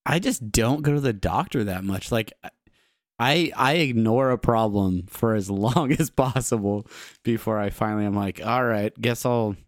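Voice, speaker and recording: A man's voice: on the low side, normal speed, no room sound, clean studio sound. A man chatting casually, rambling with lots of fillers and laughs. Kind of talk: casual chat.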